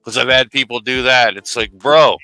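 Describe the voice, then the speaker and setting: A man in a casual live-stream chat, talking frankly and giving relaxed advice. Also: mid-range voice, a little fast, smooth, dry recording, faint music behind, low-quality recording.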